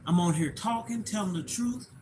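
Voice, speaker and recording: A woman's voice: medium pitch, normal speed, noisy background. Emotional middle-aged woman ranting on a livestream. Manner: emotional, repetitive, plainspoken ranting. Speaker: livestream host. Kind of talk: emotional personal livestream monologue.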